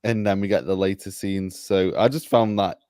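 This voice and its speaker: A man joining a casual review chat as guest, agreeable and quick to laugh. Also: deep voice, steady tone, dark tone, clear, resonant tone, no room sound. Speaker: co-host guest.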